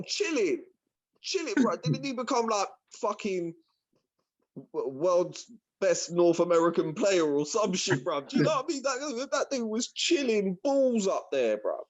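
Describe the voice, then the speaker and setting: Excitable slang-heavy male pundit, very lively pitch, a bit high. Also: highs cut off. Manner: animated slangy banter, swears freely. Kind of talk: casual football chat.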